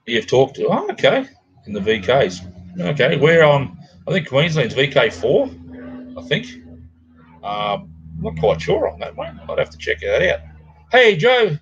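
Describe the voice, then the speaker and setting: A middle-aged Australian man hosts a livestream from home near a garage, rambling in a laid-back, chatty way with viewers. His fairly high, gravelly voice swoops wildly in pitch and moves a little slowly. The audio has its highs cut off and slight background noise.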